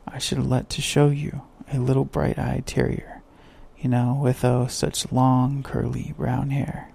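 A man's voice: mid-range voice, moderate pace, dark tone. A man voicing an eager, polite little girl while reading a storybook aloud. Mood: eager chatter. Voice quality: creaky, husky. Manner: eager, chatty, earnest.

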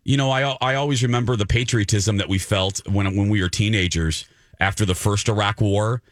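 A man's voice: lowish voice, fairly quick, no room sound, studio quality. A male radio host, telling anecdotes on a casual talk show and voicing the people in them. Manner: animated storyteller, voices others in his anecdotes.

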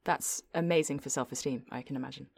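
A woman's voice: rumbling low, steady tone, quick pace, gravelly, breathy edge. A woman hosting an interview, affirming her guests and asking questions. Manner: supportive, affirming. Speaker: podcast host.

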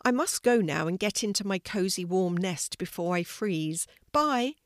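Storyteller doing a quick, helpful hedgehog, a storybook creature with somewhere to be. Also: female voice, on the low side, animated, no echo, clean studio sound. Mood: friendly. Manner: brisk and chatty. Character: kindly male hedgehog, busy and practical.

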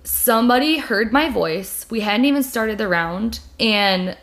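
A woman's voice: on the high side, lively intonation, a little slow, a bit bright. A young woman hosting a casual chat about making videos, talking candidly and rambling with plenty of fillers and restarts. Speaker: video creator and podcast host.

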